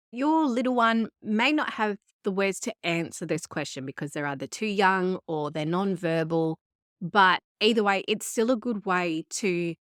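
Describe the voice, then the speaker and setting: Calm woman therapist explaining gently. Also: lowish voice, dry recording, clean studio sound. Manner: calm, explanatory, quotes parents and children in the flow. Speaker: therapist and podcast host. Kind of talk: solo advice talk.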